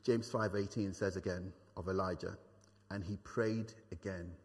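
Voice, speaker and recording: A man's voice: deep voice, fairly even intonation, moderate pace, slightly rough. A man preaching a sermon to his church, conversational and earnest, with frequent fillers and repeated phrases. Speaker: pastor. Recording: long reverb of a hall.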